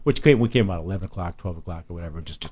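A man's voice: low voice, racing, a little mellow, slightly rough, muffled recording. A man who is a guest on a chat show, telling rambling stories, acting out other people's lines and swearing freely. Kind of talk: casual talk-show chat.

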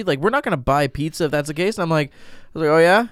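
A man's voice: a little high, fast, dry recording, studio quality. A man in his twenties, a podcast co-host and business owner, chatting casually and acting out his customers as he tells stories. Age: 20s. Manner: animated storyteller, acts out customers.

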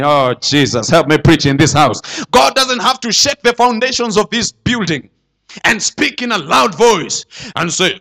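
Animated, high-voiced male preacher. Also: normal speed, gravelly. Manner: dramatic, swinging from loud declarations to hushed asides. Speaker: pastor. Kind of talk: sermon.

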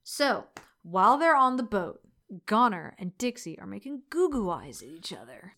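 A woman's voice: mid-range voice, big pitch swings, normal speed, a bit bright. A woman co-hosting a podcast, recapping a movie in casual chat, swearing freely and putting on mock voices for quotes. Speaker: podcast co-host.

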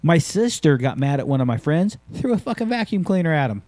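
A man hosting a casual podcast, telling loose, swear-heavy stories with lots of energy. His voice has a dark, mellow tone, and the sound is dry and close with no room echo. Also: a little high, a little fast. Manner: profane, animated storytelling. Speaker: podcast host and skydiving instructor.

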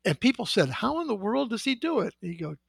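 Gravelly high-voiced storytelling man. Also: fast, no room sound. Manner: animated anecdotal storyteller, acts out dialogue. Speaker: sales executive guest. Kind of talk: storytelling in podcast conversation.

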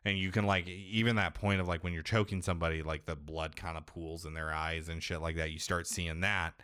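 A man's voice: low voice, fairly even intonation, a little fast, bright, forceful tone, clear, resonant tone, no room sound, studio quality. A young man casually recapping a video game's story, rambling, swearing and filling his sentences with 'like'. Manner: rambling, profane, heavy filler 'like'. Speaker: podcast co-host recapping a video game. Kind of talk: casual chat.

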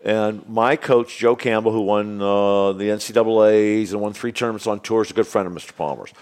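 A man's voice: lowish voice, fairly quick. A man in his sixties telling golf stories in casual chat, acting out the voices of the people in them and laughing often. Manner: animated, acts out voices in anecdotes, laughs often. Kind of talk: casual storytelling.

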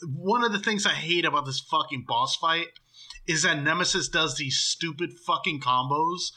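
A man's voice: a little high, normal speed, pushed and bright. A man co-hosting a casual gaming podcast, griping about a game with lots of swearing. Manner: profane, complaining banter. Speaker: podcast co-host.

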